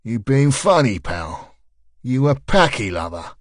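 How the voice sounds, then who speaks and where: A man voicing a brash, heavy-set male recruiter in his thirties with a South London accent, needling and loud. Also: medium pitch, big pitch swings, measured pace, dry recording, clean studio sound. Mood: sneering.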